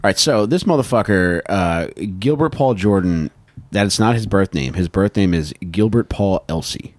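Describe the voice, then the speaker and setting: A man's voice: low voice, animated, normal speed, dry recording. A young man hosting a podcast, telling a true-crime story in a laid-back, profane way and laughing often. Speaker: podcast host.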